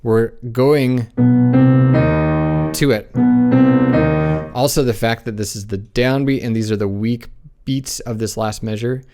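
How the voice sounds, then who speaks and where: A man giving a casual piano lesson, talking in a relaxed, conversational way and counting beats aloud while he plays. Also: mid-range voice, slow pace, pauses often. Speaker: piano teacher. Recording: piano playing loudly behind the voice.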